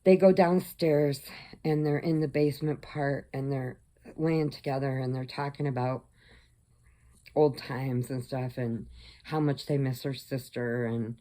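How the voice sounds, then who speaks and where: Slow, low-voiced woman telling a story. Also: warm tone. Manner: rambling, conversational retelling with restarts. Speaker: crochet channel host. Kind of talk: casual storytelling chat.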